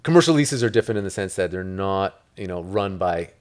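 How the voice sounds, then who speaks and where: Talking about real estate as an interview guest, the Italian man rambles loosely and fills his speech with fillers in a casual exchange. His deep voice comes across animated and brisk.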